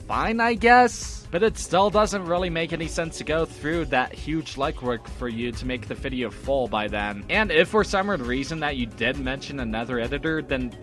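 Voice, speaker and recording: A man's voice: mid-range voice, normal speed, hardly any pauses, fairly bright tone, soft background music. A young man giving a reaction commentary, arguing back with exasperated rebuttals. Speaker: commentary host.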